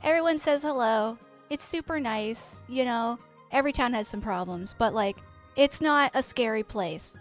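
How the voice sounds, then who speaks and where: High-voiced woman, chatty and rambling. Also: moderate pace, soft background music. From Canada. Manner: chatty, rambling, swears freely. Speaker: streamer. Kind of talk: casual storytelling while playing a game.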